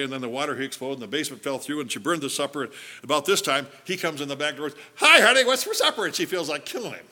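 Older male pastor, sermon delivery, animated storyteller, bright voice. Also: mid-range voice. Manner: animated storytelling, acts out quotes.

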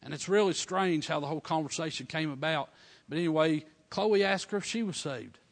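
A man's voice: on the high side, gravelly. A middle-aged man, preaching a folksy storytelling sermon with fervent bursts of praise. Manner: fervent, building to loud praise shouts; folksy dialect, drawn-out emphasis.

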